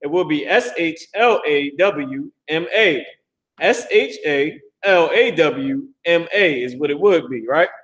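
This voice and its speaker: A man's voice: a little high, animated, measured pace, fairly bright tone. A man leading a live religious lesson, emphatic and mocking, repeating words over and over to drill their pronunciation. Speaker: religious teacher. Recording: echoey room.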